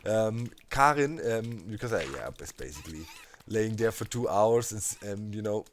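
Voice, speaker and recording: A man's voice: on the low side, moderate pace, a little hiss or hum. A man, a let's play host in his thirties, telling a story over gameplay with lots of laughs and casual fillers. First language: German. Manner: animated, laughing, heavy on fillers like "you know, man".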